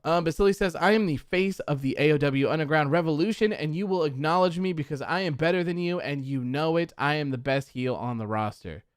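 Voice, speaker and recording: A man's voice: on the high side, brisk, few pauses, clear, resonant tone, dry recording, studio quality. A young man hosting a live wrestling post-show, reading chat comments and reacting casually, acting out crowd reactions. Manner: animated, acts out crowd reactions.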